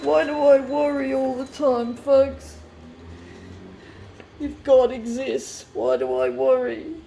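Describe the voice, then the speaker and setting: A woman's voice: high voice, lively intonation, slow, vocal fry, warm tone, slight background noise. A woman artist rambling to camera, upset and shaky on the verge of tears, self-critical and repeating herself. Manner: self-critical, repetitive, keeps saying folks.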